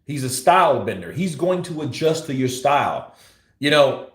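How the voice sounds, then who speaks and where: A man's voice: on the high side, fairly bright tone, reverberant. A man hosting live boxing commentary, blunt and profane, ranting and teasing as he talks. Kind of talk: livestream commentary.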